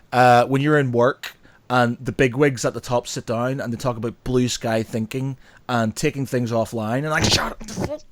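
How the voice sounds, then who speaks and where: Animated, sweary male podcast host. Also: mid-range voice, no room sound. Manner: animated, swearing, laughing often. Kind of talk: casual chat.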